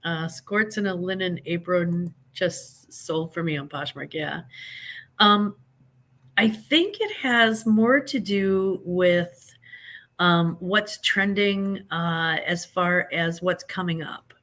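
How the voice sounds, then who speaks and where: Fifties woman hosting a laid-back live chat, folksy and talkative, pitched a bit low. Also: takes it slowly, a bit bright. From American Midwest. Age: 50s. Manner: chatty, greets viewers by name, folksy. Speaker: livestream host. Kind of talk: casual live chat with viewers.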